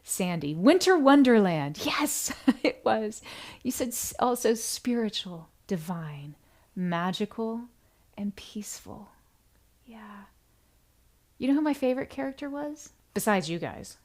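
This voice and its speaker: A woman hosting a live stream, reading out viewer comments in a casual way and thanking people warmly. She talks effusively, breaking into bright, excited bursts and dropping to soft, hushed thank-yous. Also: fairly high pitch, a little slow.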